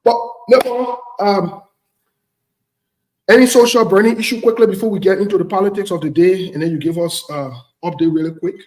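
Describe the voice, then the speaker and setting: A Liberian man hosts a casual talk show in a bold, blunt manner. His voice sits high for a man, and he drives each point home by repeating it. The recording sounds roomy, with a clear echo. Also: a little fast, darkish tone. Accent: Liberian English. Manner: blunt, preachy, repeats phrases for emphasis. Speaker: host.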